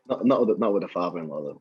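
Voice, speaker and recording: List: man, Salford accent, very low husky voice, laid-back, slightly muffled audio. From Salford, England. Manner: easygoing, laid-back, swears casually. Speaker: guest. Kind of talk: casual chat.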